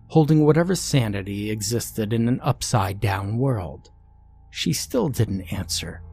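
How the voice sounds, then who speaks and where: A man narrating a scary story in a slow, deliberate, ominous scripted reading. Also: lowish voice, a little mellow, breathy edge.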